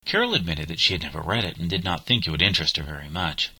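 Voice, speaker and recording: A man narrating an audiobook in a measured, clear manner. His voice is low yet bright and forceful. The recording is dry and close to the mic. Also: lively intonation, no room sound, rough recording.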